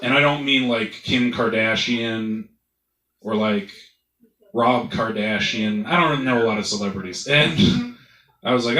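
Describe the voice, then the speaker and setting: A man's voice: mid-range voice, takes it slowly, bright, forceful tone, echoey room, poor audio. A man doing stand-up, telling a rambling, profane story and laughing at his own jokes. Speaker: stand-up comedian.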